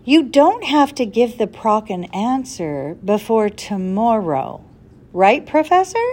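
Woman doing a bold boy, insistent, higher voice, animated. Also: takes it slowly, heavily acted. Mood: urgent. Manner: insistent, pleading.

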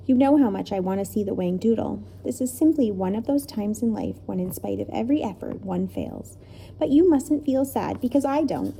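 A woman voicing a brave, gentle old male professor in a storybook reading, speaking in a measured, formal way. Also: mid-range voice, expressive, vocal fry, a little hiss or hum.

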